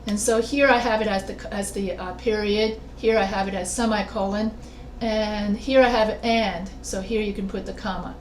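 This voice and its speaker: A woman's voice: medium pitch, steady tone, normal speed. Woman teaching a writing class online. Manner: explains step by step, quizzes students with questions. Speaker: writing instructor. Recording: roomy echo with faint noise.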